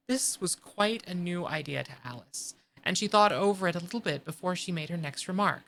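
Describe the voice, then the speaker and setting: A woman's voice: on the low side, brisk, creaky, few pauses, fairly bright tone. A woman streamer narrating a classic storybook aloud, with casual asides between passages.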